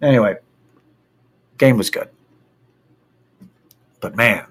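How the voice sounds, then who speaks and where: A man casually telling a personal anecdote, animated and profane as he gets worked up. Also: mid-range voice, unhurried.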